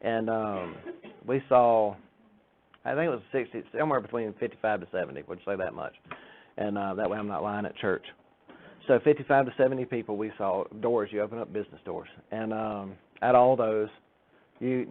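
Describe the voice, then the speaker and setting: A fairly low-pitched man speaks briskly at church, telling chatty, humorous stories and acting out what people said. There is slight background noise, and the sound is tinny like a phone.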